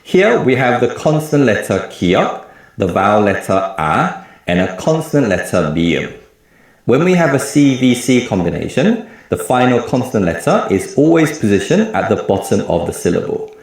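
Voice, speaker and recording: A man giving a scripted lecture as a language teacher, explaining slowly and in a measured way. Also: medium pitch, sing-song, gravelly, very echoey, poor audio.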